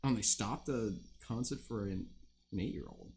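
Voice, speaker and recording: Chatting with his stream viewers, a young male host rambles along with frequent swearing and fillers. His pitch is fairly low, his tone darkish, and his pace moderate.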